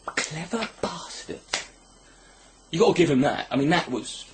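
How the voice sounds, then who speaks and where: A man's voice: on the high side, animated, unhurried, breathy edge. A man rambling through a crude, sarcastic comedy monologue, filming himself at home on his camera. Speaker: comedy vlogger. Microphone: camera mic.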